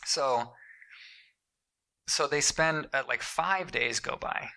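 A man casually telling a story to a friend, swearing a lot and acting out the people in it with sudden high, loud voices. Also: slow pace, vocal fry, rough recording. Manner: profane, animated, acts out quotes in jumped-up voices. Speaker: podcast co-host telling a story.

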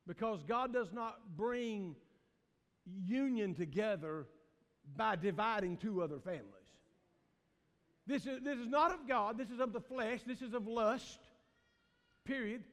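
A middle-aged man preaching a sermon as pastor, moving from hushed storytelling to shouted emphasis. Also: very high-pitched. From American South. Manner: Southern preacher cadence, swings from hushed to shouting. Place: church sanctuary. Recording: reverberant church hall.

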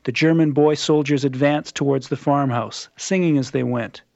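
A man reading scripted documentary narration in a measured, dramatic storytelling manner. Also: medium pitch, fairly even intonation, vocal fry, a little mellow, no echo. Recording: muffled lo-fi radio recording.

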